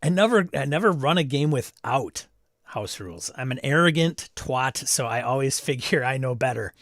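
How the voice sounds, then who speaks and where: On a relaxed live stream about tabletop games, a male host welcomes viewers by name, reads chat messages out loud, and adds snarky remarks. His medium-pitched, slightly bright voice has lively intonation at a normal speed, captured in a dry, studio-quality recording.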